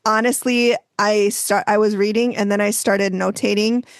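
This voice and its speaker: A woman's voice: medium pitch, little pitch movement, normal speed, no room sound, studio quality. A woman co-hosting a podcast in casual chat, chatty and teasing, swearing now and then. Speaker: podcast co-host.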